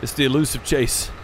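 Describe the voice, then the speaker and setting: A man chatting casually with his viewers during a live farming-game stream. His voice sits at a medium pitch and he talks in an unhurried, rambling way, dropping fillers as he goes. Faint background noise sits under the voice. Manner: laid-back and rambling, with frequent "uh" and "man".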